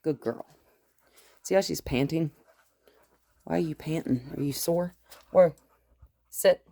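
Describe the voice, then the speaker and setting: Firm, gravelly woman dog trainer. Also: low voice, measured pace. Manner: calm and firm, short commands to a dog. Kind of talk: dog training lesson, talking to camera and dog.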